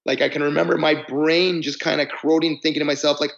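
A man with a gravelly, rough-edged voice tells long, rambling stories about touring life. He restarts his sentences often, on a somewhat muffled, lo-fi recording. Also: on the high side, little pitch movement, fast, fairly bright tone. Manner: rambling, self-interrupting storyteller. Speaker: musician guest. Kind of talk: casual storytelling interview.

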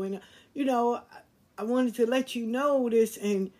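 A woman's voice: on the high side, moderate pace, a little mellow. A middle-aged woman hosting a podcast, talking straight to her listeners in a blunt, emphatic, lecturing way, swearing freely. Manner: preachy, lecturing tone. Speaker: podcast host. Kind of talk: candid monologue to listeners.

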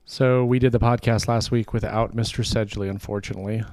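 A man's voice: fairly low pitch, steady tone, a little fast, a little mellow, no echo. A man co-hosting a podcast, asking curious questions in casual chat. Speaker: podcast co-host.

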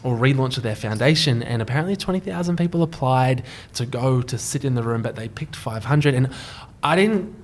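A young man, a podcast guest telling a story in an animated way, often stumbling and restarting. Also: medium pitch, brisk, few pauses. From Australia.

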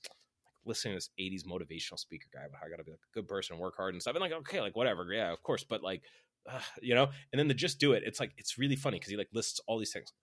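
A man's voice: expressive, racing, fairly bright tone, no echo, clean studio sound. A man chatting casually as a podcast host, rambling with many fillers like "right?" and "like". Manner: acts out quoted voices with big pitch jumps. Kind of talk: casual chat.

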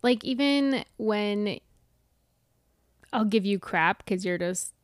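A woman co-hosting a podcast with her husband, telling animated stories in a casual chat and laughing often. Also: mid-range voice, takes it slowly, no echo, clean studio sound. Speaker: podcast co-host.

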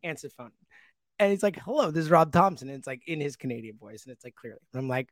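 A man co-hosting sports radio, talking about baseball in casual chat and retelling a phone call in an excitable, gushing way. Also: medium pitch, no echo, studio quality. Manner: excitable, gushing, talks fast in bursts.

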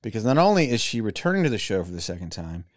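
A man co-hosting a podcast with a lively, wide-ranging pitch. He jokes around and keeps the chat moving. Recorded close and dry. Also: fast talker, no echo. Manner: animated, jokey, introduces guests. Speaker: podcast co-host.

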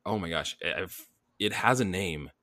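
A man with a very deep yet bright, forceful voice explains and recaps in a casual podcast chat. The sound is close and dry with no room. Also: normal speed, dry recording. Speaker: podcast co-host.

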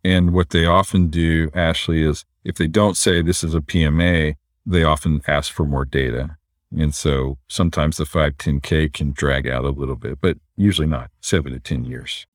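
A man, a physician and entrepreneur, explaining things in a relaxed conversational way and often tagging his points with "right?". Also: very deep voice, normal speed, no echo, clean studio sound. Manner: relaxed, explanatory, frequent "right?" tag questions.

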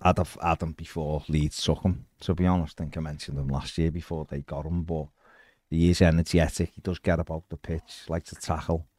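Podcast co-host, male, very deep voice, relaxed football chatter, dry close sound. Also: fairly quick, dry recording. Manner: chatty, reads out viewer comments. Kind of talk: casual football chat.

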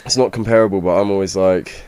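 A man's voice: sits low, fast, a little mellow, clean tone, no echo. A young man from England with an English accent, chatting casually as a podcast guest, rambling with lots of fillers and restarts. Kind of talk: casual chat.

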